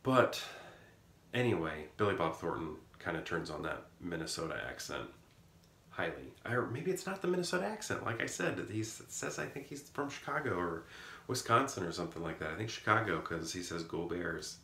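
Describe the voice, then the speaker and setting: Rambling low-voiced man vlogging. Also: very animated, brisk, creaky, pushed and bright. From rural Midwest of the US. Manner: rambling, musing, self-correcting. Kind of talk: casual vlog chat. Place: indoor room. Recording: echoey room with faint noise.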